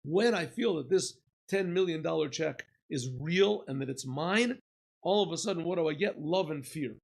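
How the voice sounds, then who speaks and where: A man's voice: a little high, moderate pace, creaky, rough recording. A man, a rabbi, lecturing on Chassidus, telling a parable with acted-out dialogues. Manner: animated storyteller, acting out dialogues.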